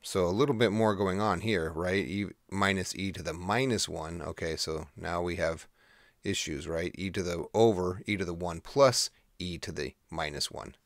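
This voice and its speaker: Low-voiced man teaching math casually. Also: normal speed, dry recording, clean studio sound. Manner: casual, conversational explaining. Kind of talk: recorded math lesson.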